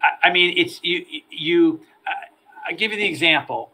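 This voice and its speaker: A middle-aged man tells stories from his career as an interview guest, animated and given to repeating words at the start of his sentences. His voice sits a little high and sounds bright and forceful, with a pushing energy behind it. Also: a little slow. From United States. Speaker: interview guest, former FBI agent. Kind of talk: storytelling in a podcast interview.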